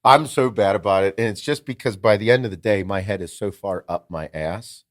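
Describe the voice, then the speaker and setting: A man's voice: fairly low pitch, brisk, no echo, clean studio sound. A man co-hosting a podcast in casual chat, joking and rambling with plenty of profanity. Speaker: podcast co-host.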